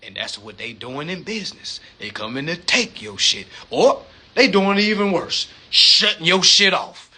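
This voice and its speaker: Man hosting a live stream, profane, slangy and animated, high voice with a bright husky tone. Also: moderate pace. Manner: repeats words, rhetorical questions. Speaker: livestream host. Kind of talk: casual monologue on a live stream.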